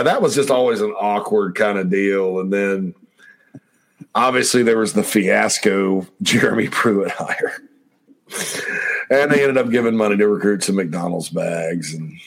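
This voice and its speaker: A man hosting a casual sports talk show, reading viewer comments aloud and rambling with laughs and quick impressions of coaches. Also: lowish voice.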